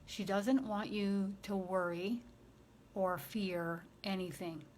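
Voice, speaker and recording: A woman working as a spiritual medium, passing on messages in a gentle, emotional way during a channeling session. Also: mid-range voice, steady tone, takes it slowly, slight background noise.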